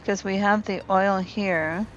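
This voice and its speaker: A woman chats easily through a home gameplay stream, musing aloud over her next move and answering viewers as she goes. Her voice sits at an ordinary middle pitch. The sound is a little dull, with a faint hum of noise behind her. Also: fairly even intonation, slow pace. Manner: chatty, thinks aloud while building. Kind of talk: casual gameplay chat with viewers. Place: home apartment.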